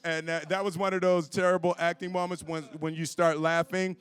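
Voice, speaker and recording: A male film actor at a press conference, telling a story in a casual, animated way and often laughing, into a table microphone. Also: fairly high pitch, brisk, clear, resonant tone.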